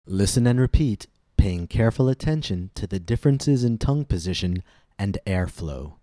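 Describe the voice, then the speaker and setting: Deep-voiced man teaching clear pronunciation. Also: lively intonation, warm tone, dry recording, studio quality. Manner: slow, careful, clearly enunciated. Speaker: pronunciation teacher and podcast host. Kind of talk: scripted pronunciation lesson.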